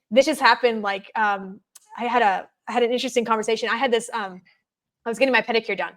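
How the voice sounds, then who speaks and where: Woman guest, somewhat high voice, rambling conversational storyteller with frequent fillers. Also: quick pace, a bit bright. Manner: chatty, many fillers of "like".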